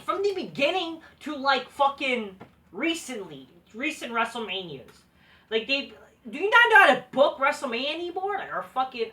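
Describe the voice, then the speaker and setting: Woman reviewer, high bright voice, fed-up and profane, recorded a bit off-mic. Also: distant mic. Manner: exasperated, swears constantly, mocks wrestlers in sing-song quotes. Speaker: wrestling show reviewer. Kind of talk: profane ranting commentary.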